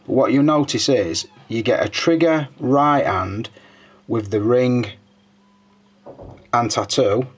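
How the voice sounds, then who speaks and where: A man's voice: medium pitch, takes it slowly, long pauses, husky. A man giving a casual, chatty walkthrough of a collectible figure, with frequent "uh" fillers. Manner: chatty, informal, hesitant with fillers. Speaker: toy reviewer.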